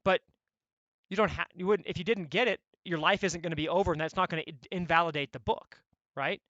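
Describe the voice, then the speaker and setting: A man coaching members on online sales funnels, talking in an energetic, blunt, conversational way and often checking in with "right?". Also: sits high, brisk, no echo, muffled recording. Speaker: e-commerce coach.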